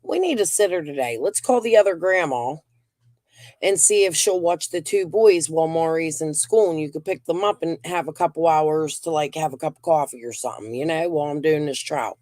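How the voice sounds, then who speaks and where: A middle-aged woman and grandmother hosting a casual livestream, venting and telling stories in an animated way while getting over a lung infection. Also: low voice, brisk, no room sound, clean studio sound. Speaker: livestream host.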